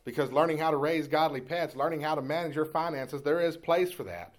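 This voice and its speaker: Man, pastor, sermon, high-ish voice, storytelling turning impassioned. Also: fairly quick. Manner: builds from calm reasoning to loud, impassioned preaching; conversational storytelling with restarts.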